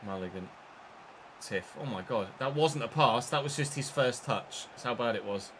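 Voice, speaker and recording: A man streaming a football video game, giving an excitable, sweary running commentary on the play. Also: mid-range voice, moderate pace, slight background noise. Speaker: gaming streamer. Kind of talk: live gameplay commentary.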